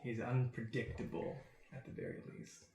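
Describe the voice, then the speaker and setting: A man voicing a wary goat companion who speaks quietly and gravely. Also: medium pitch, level tone, moderate pace, natural voice. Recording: roomy echo.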